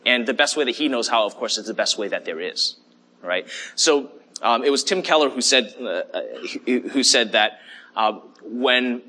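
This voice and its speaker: A man delivers a sermon in an easygoing, conversational way, often pausing to check in with his listeners. His voice has a bright edge and a husky grain. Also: mid-range voice. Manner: conversational preaching with fillers and "okay?" check-ins. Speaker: pastor.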